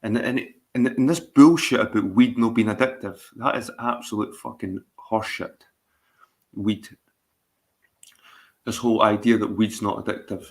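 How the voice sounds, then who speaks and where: A middle-aged Scottish man talks casually to his livestream viewers in a slightly low voice. He rambles and repeats himself, swearing often as he talks. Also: normal speed. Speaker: livestream host.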